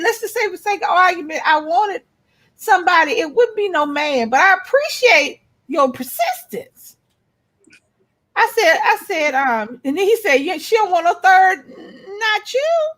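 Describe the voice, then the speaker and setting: A middle-aged woman, telling animated, profane stories in casual chat as a co-host. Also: high-pitched. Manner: animated storytelling, blunt and profane.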